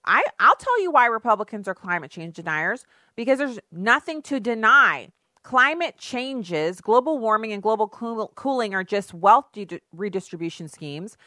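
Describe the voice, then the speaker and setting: A woman's voice: fairly high pitch, animated, normal speed, bright, forceful tone, dry recording, studio quality. A woman hosting opinionated political commentary, sarcastic and emphatic, with rhetorical questions.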